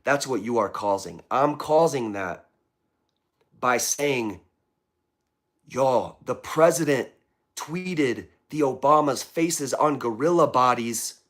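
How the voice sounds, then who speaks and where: A man's voice: mid-range voice, expressive, slow. Impassioned man reading out comments. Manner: impassioned, preachy, reads out viewer comments. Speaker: political vlogger. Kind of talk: live political commentary.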